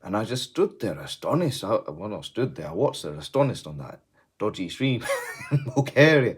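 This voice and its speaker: Deep-voiced swearing football fan ranting. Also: male voice, very animated, moderate pace, fairly bright tone, breathy edge. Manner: swears freely, swings between laughing and grumbling. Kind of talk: casual post-match rant.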